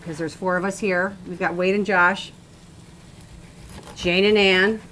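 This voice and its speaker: A woman's voice: fairly low pitch, steady tone, measured pace, fairly bright tone, a little hiss or hum, low-quality recording. A woman hosting a home cooking show, chatting and serving food to her guests in the kitchen. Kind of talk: casual cooking chat.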